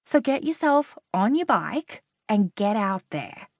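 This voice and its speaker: Woman doing a coaxing female cousin, firm and scolding, lively pitch, slow pace. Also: no room sound, exaggerated voice.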